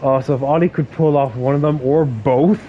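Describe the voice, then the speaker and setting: A man's voice: on the high side, dark tone, highs cut off, a little hiss or hum. A man with a Waterford Irish accent chatting casually and laughing as he streams a game. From Ireland. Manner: chatty, amused, laughs often. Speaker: streamer and voice actor. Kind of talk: casual live-stream chat while gaming.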